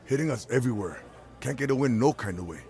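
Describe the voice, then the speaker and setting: A slangy, fast-talking hero. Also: male voice, mid-range voice, animated, vocal fry, darkish tone. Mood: frustrated. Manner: slangy, complaining. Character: frustrated streetwise young male hero.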